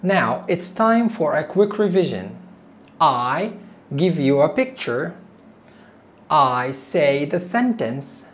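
Woman ESL teacher, low voice, very slow, lively pitch, repeats words for learners. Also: slight background noise. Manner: teacherly, asks learners questions. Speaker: English teacher. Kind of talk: slow, deliberate ESL lesson.

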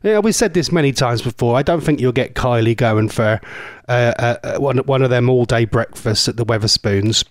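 A man's voice: mid-range voice, normal speed, no room sound, clean studio sound. A man presenting a radio show, chatting casually and teasing listeners in a rambling way. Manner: chatty, teasing, rambling with mock-posh asides. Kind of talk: casual chat with listener messages.

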